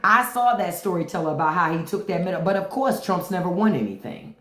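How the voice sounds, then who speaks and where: A woman's voice: on the low side, lively intonation, fast talker, a bit bright, roomy sound, a little hiss or hum. A woman hosting a casual livestream, talking bluntly and profanely and answering viewer comments. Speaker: livestream host.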